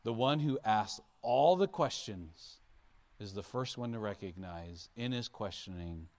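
A man's voice: lowish voice, expressive, unhurried, darkish tone. A male pastor preaching an Easter sermon, earnest, his voice rising and falling for emphasis as he acts out quotes.

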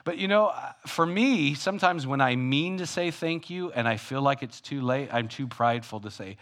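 A male pastor preaching to his congregation in a conversational, self-deprecating way. His mid-range voice swings between loud bursts and hushed asides as he tells the story. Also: mid-range voice, lively intonation, moderate pace, hardly any pauses. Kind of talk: sermon.

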